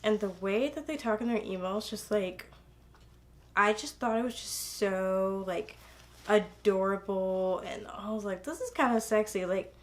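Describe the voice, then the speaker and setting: A woman's voice: medium pitch, steady tone, unhurried. A young woman chatting casually about a book she loves, gushing and rambling with lots of fillers and restarts. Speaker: book reviewer. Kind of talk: casual book review chat.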